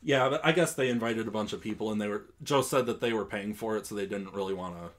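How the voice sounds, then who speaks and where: A man's voice: on the low side, quick pace. A young man hosting a casual podcast chat, rambling with lots of ums and laughs while drinking beer. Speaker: podcast host.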